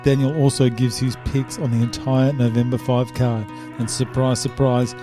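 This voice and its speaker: A man's voice: medium pitch, little pitch movement, moderate pace, over music. A man hosting a casual interview, talking chattily and with enthusiasm. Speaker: podcast host.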